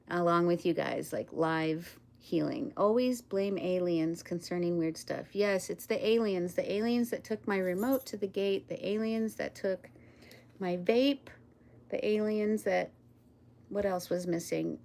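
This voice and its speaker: A woman's voice: fairly low pitch, gravelly, darkish tone. A woman chatting casually on a live stream, rambling, laughing often and talking to her pets and viewers.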